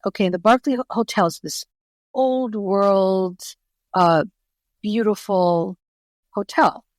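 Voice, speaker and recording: A woman's voice: medium pitch, slow, dry recording. A middle-aged woman, a guest author, telling personal stories in a podcast interview and acting out the voices of the people she quotes. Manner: animated storyteller, acts out quoted voices.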